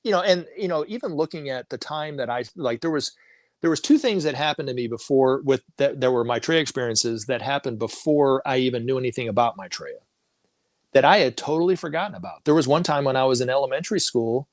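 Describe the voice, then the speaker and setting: Middle-aged guy guest, rambly storyteller, dry no-room sound, normal pitch. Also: fast talker, dry recording. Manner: rambling, with frequent restarts and quoted dialogue. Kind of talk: casual storytelling in conversation.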